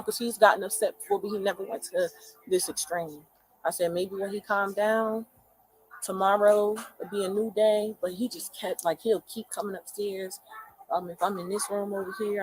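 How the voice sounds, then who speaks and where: A woman giving a halting, rambling firsthand account to police indoors at a home, full of fillers. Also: mid-range voice, slight background noise, low-quality recording. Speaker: interviewee recounting to police.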